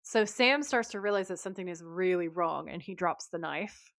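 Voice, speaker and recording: A woman co-hosting a podcast, recapping a TV episode in casual, animated chat. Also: fairly low pitch, gravelly, no echo, clean studio sound. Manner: animated storytelling, quick reactions. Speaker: podcast co-host.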